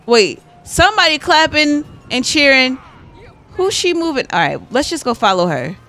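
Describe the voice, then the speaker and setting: Lively, bright-voiced woman gamer. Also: sits high, moderate pace. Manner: animated, chatty, exclaims and laughs to viewers. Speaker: gaming YouTuber. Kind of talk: casual gameplay commentary.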